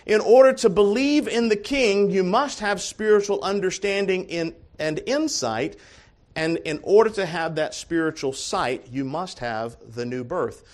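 A male pastor delivering a sermon in a high, bright-edged voice. He preaches with strong emphasis, moving between soft, close asides and loud, ringing calls. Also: a little slow. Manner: emphatic, swings from quiet asides to shouted calls.

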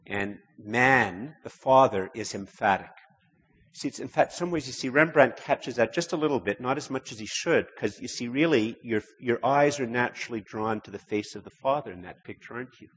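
A man's voice: medium pitch, normal speed, slightly rough. A man preaching a sermon in a conversational way, often repeating words and rising to emphatic stretches. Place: church. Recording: long hall reverb.

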